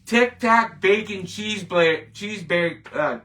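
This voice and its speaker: Speaking slowly in a high, bright, forceful voice, this Canadian show host rambles through a casual rant show and scoffs at every verdict with emphasis. He sounds far from the microphone.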